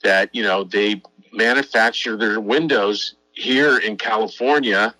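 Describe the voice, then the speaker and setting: A middle-aged man, an advertising executive, telling stories in an interview in an animated way, acting out quotes. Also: lowish voice, measured pace, dry recording, faint music behind, rough recording. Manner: animated, acts out quotes, frequent restarts. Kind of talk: casual interview storytelling.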